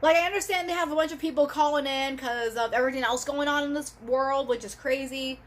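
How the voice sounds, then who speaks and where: A woman's voice: high-pitched, brisk. A woman vlogger talking straight to her camera in a casual, rambling monologue, full of fillers like "you know" and "like.".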